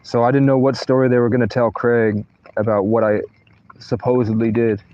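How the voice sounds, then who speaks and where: This man's mid-range voice is flat and fairly quick, recorded dry with no echo but muffled. He livestreams from a tent in a thunderstorm, meandering through personal tales with profanity and trailing off mid-sentence.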